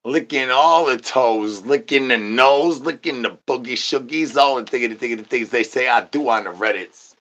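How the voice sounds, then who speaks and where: A man's voice: mid-range voice, normal speed, few pauses, fairly bright tone. A man streamer doing an absurd comedic rant, rambling in nonsense with stuttered repeats and sing-song catchphrases.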